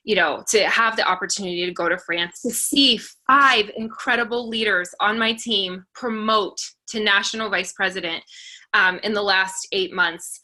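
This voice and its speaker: Bright-voiced chatty woman speaker. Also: mid-range voice, moderate pace. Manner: chatty, filler-heavy, laughs between phrases; earnest and encouraging. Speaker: motivational speaker for a sales team. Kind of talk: personal story talk.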